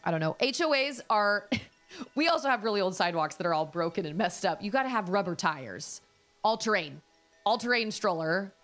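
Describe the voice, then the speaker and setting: A woman streamer chatting casually, rambling and animated as she tells a story. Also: medium pitch, normal speed, soft background music. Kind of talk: casual chat.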